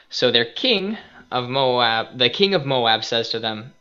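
A young man hosting a casual podcast, retelling a Bible story in an animated, earnest and reflective way, on a dull lo-fi recording. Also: medium pitch, a little slow. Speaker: podcast host and youth skate minister.

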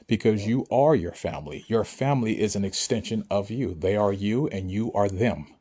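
A man's voice: on the low side, animated, normal speed, warm tone, breathy edge. A man speaking to listeners in an emphatic, preachy monologue, often asking if they understand. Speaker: spiritual speaker. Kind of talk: motivational monologue to an audience.

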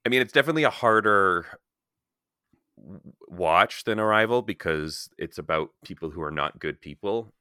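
A male podcast host with a very low pitch and a bright, forceful tone, recorded dry and close. He chats casually about films, opinionated and loose, with frequent "like" fillers. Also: animated, moderate pace, dry recording. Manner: chatty, opinionated, many "like" fillers. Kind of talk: casual film-review chat.

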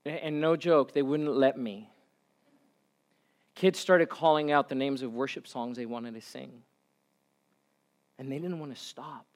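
A male pastor preaching a sermon, telling a story and rising to loud, fervent passages. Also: medium pitch, measured pace, pauses often. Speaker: pastor and camp director.

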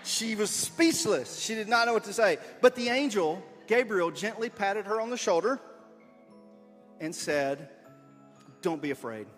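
Man, high voice, playful and encouraging, reads the story and directs the volunteers, big echoey room. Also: animated, unhurried, fairly bright tone, faint music behind. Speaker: leader of a children's skit. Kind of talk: reading a story aloud while directing volunteers. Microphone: wearing a body mic.

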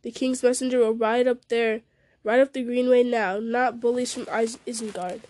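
A woman voicing a quiet, composed male hobbit in a story she reads aloud. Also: fairly high pitch, steady tone, normal speed, no echo, natural voice. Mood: calm.

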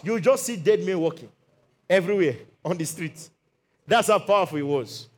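High-voiced animated preacher. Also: male voice, a little fast. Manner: animated storytelling, acts out Bible quotes; calls for hallelujah and amen. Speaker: pastor. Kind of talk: sermon.

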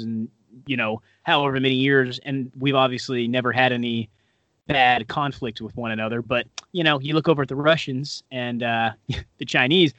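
Bright-voiced rambling podcast man. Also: mid-range voice, no echo, dull audio. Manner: rambling, self-deprecating, many fillers. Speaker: podcast co-host. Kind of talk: casual podcast chat.

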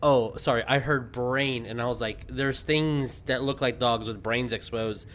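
A man's voice: mid-range voice, steady tone, unhurried, fairly bright tone, a little hiss or hum. A man playing in a casual tabletop game, joking and laughing with the group. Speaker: player.

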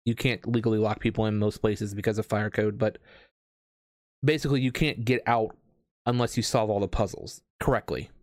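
A man's voice: lowish voice, a little fast, dry recording. Rambling casual man, dry close sound. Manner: rambling, animated, lots of fillers and restarts. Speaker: escape room game host. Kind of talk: casual storytelling chat.

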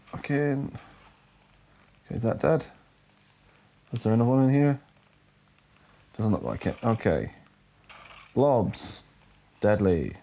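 A man's voice: mid-range voice, very animated, slow pace, gravelly, long pauses, dark tone. A man giving casual, profane commentary while playing a game, muttering asides and repeating curses at enemies. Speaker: gamer playing through a retro game. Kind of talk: casual let's-play commentary.

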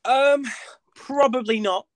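A young man from North West England speaks in a very high voice at a slow pace, with no room sound. He's a theatre performer chatting casually as an interview guest, self-mocking and full of ums and likes.

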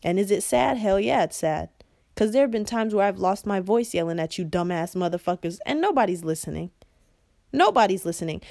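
A young woman hosting a podcast, delivering a blunt, profane, impassioned monologue that swings between yelling and quiet intensity. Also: mid-range voice, lively intonation, brisk, creaky, no echo, clean studio sound. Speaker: podcast host.

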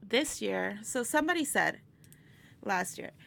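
A woman guest in a casual interview, telling a story in an animated way, laughing often and acting out what people said. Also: mid-range voice, unhurried, gravelly. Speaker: interview guest, burlesque performer.

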